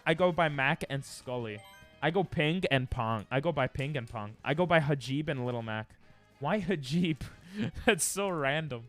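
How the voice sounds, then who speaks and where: A man streaming live, chatting casually and playfully with his viewers, with sudden loud bursts. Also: fairly high pitch, lively intonation, normal speed, faint music behind. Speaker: livestreamer.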